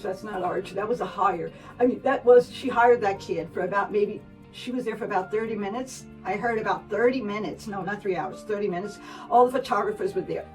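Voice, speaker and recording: A woman's voice: on the high side, distant mic, rough recording. A woman chatting casually as a gossip vlogger, sarcastic and rambling, often repeating herself. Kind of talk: casual celebrity gossip chat.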